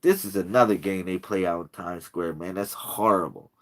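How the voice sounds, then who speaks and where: A man's voice: deep voice, moderate pace, fairly bright tone. A man telling a casual, slangy story to the camera, laughing often and jumping into quoted voices. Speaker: spiritual channel host.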